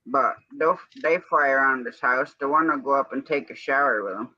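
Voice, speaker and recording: A man in a casual chat, talking slowly and laid back with mild slang. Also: medium pitch, no room sound, lo-fi sound.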